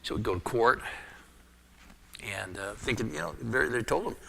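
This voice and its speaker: A middle-aged man preaching a sermon as a pastor, telling a personal story with lively energy and dropping his voice low for prayer. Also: moderate pace, creaky, slight background noise. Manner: animated storyteller, drops to a hushed voice for prayer. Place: church sanctuary. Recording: long church reverb.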